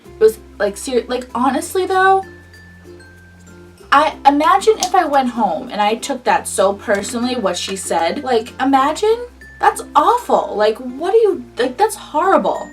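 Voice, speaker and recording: Young woman vlogger, ranting storytime, high voice, swears a lot, a bit off-mic, faint music behind. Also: measured pace, far from the mic. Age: early 20s. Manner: animated, indignant, swears freely. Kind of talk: casual storytime.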